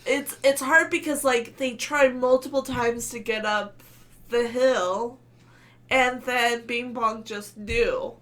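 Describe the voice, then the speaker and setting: A woman co-hosting a casual podcast chat, speaking gently with short agreeing replies. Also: a little high, slow. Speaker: podcast co-host.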